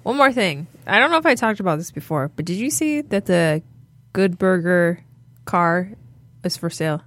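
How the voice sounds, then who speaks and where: A woman's voice: on the low side, very animated, normal speed, fairly bright tone, dry recording. A woman co-hosting a podcast who rambles and giggles as she tells stories in casual chat. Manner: giggly, rambling, full of fillers. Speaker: podcast co-host.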